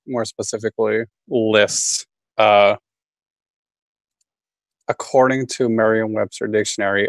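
A man's voice: on the low side, dry recording, low-quality recording. A man reading his own list poem aloud at a student reading, understated and dry. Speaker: MFA student reader.

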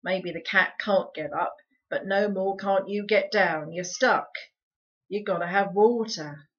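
Woman doing a weary, gruff little father. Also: medium pitch, a little slow, natural voice. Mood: weary blunt. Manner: flat, weary, blunt rustic grammar. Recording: dull lo-fi recording.

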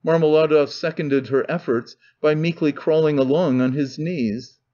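Measured male audiobook narrator. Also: a little high, dark tone. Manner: measured, deliberate reading. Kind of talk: scripted narration. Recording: dull lo-fi recording.

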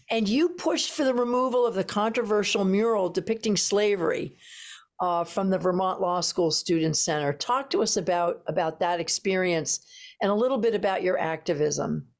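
A woman hosting an interview, measured as she lays out her guest's background before asking a question. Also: mid-range voice. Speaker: interview host.

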